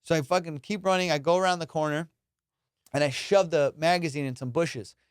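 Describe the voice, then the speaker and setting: A man's voice: fairly quick, clean tone, no echo, studio quality. A young man, a comedian, telling a profane childhood story casually and acting out the voices of the people in it. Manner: profane, animated, acts out quotes with loud high jumps. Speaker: comedian podcast host.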